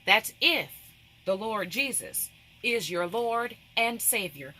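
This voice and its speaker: A woman's voice: mid-range voice, lively intonation, slow pace, bright, forceful tone. A woman, hosting a craft devotional and preaching with emphatic repetition, often calling out to "people". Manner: emphatic, repeats phrases, calls out to "people".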